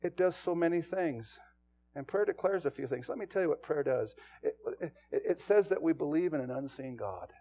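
Impassioned high-voiced male preacher. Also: expressive, fairly quick, few pauses, muffled recording. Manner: impassioned preaching, swinging from loud exclamations to hushed low asides. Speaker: pastor. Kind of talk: sermon.

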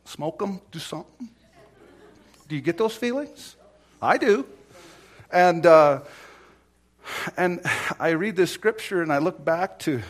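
A middle-aged male pastor preaching a sermon in a folksy, personal way, swinging from hushed whispers to loud, emphatic exclamations. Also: fairly high pitch. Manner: folksy, personal storytelling with laughter.

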